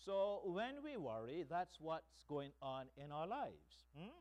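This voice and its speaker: A man preaching a sermon as pastor, slow and emphatic, tossing in rhetorical "hmm?" asides to the congregation. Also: fairly high pitch, sing-song, darkish tone.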